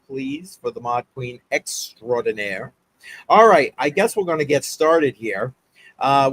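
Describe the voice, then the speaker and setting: Casual male livestream host, chatty and upbeat, lots of "uh"s, mid-pitched. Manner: rambling, upbeat shout-outs with many fillers.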